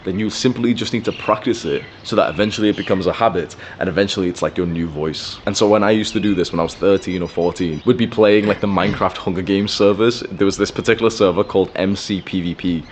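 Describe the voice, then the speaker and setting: A man's voice: low-pitched, quick pace, few pauses, slight background noise. A young man giving blunt, profane, casual advice in a monologue, with lots of filler words. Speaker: self-improvement creator.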